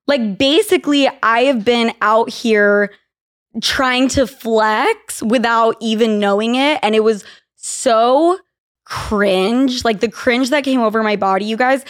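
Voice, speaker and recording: A woman's voice: on the high side, slow pace, clear, resonant tone. A young woman from Utah hosting a podcast, telling candid, profane stories in casual chat. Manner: candid, profane, animated storytelling. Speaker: podcast host.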